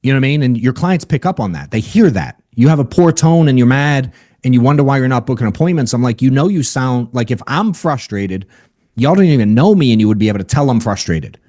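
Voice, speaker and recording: A man giving a casual, energetic sales training over a video call. He talks bluntly and keeps asking "right?" and saying "dude.". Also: medium pitch, fairly quick. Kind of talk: casual motivational training talk.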